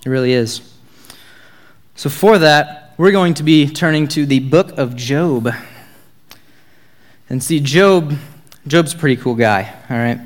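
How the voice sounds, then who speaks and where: Young man, middle-pitched, casual upbeat youth-talk delivery. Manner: casual, joking, upbeat storytelling.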